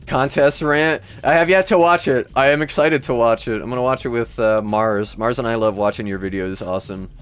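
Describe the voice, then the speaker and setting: A man's voice: medium pitch, a little fast, hardly any pauses, over music. Chatty Midwestern man who laughs a lot. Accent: Midwestern American. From Michigan. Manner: rambling and chatty, laughs often. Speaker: livestream host. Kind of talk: casual livestream chat with viewers.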